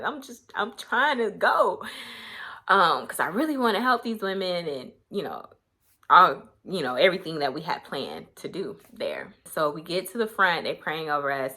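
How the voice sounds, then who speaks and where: A young woman with a low-pitched yet bright, forceful voice shares a personal story straight to camera. She talks candidly and casually, with plenty of "like" and "um", and the retelling stays full of feeling. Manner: candid, conversational, filler-heavy, emotional retelling. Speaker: vlogger.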